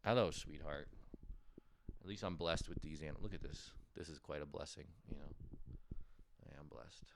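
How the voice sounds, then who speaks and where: Low-voiced man rambling through a comic rant. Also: steady tone, fairly quick, creaky, a little hiss or hum. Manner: rambling, swears a lot, self-mocking. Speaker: podcast host. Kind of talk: casual comedic monologue. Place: at home.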